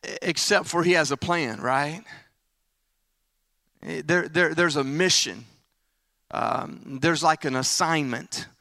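High, bright-voiced energetic preacher man. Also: slow, long pauses, no echo. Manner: animated, playful, then hushed and earnest. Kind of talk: energetic sermon. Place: camp meeting.

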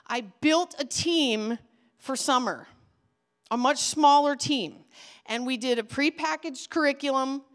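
A woman children's pastor giving a casual teaching talk, telling stories and acting out the voices of the people she quotes. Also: high voice. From Minnesota. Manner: animated storyteller, acts out quoted voices.

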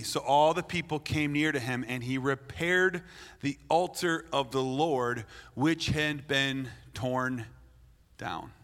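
A male preacher with a forceful, bright, slightly high voice delivers a blunt, playful sermon. He acts out the quoted lines. His voice rings through a large hall with a long reverb tail. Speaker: pastor.

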